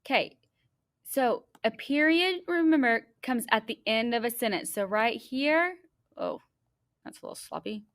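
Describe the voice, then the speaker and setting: A young adult woman teaching a class, explaining step by step and reading a story aloud slowly and deliberately in an encouraging way. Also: fairly high pitch, expressive, fairly bright tone.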